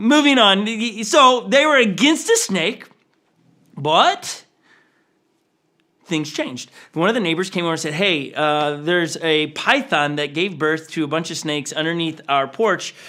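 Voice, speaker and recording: A young adult male pastor telling a story in a sermon, animated and acting out what people said. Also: high voice.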